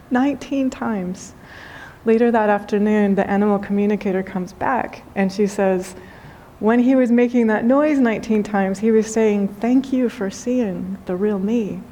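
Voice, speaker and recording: Gentle woman telling a teaching story. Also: mid-range voice, fairly even intonation, slight background noise. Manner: gentle, unhurried, softly emphatic, with light laughs. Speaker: spiritual teacher. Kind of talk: spoken dharma talk with storytelling.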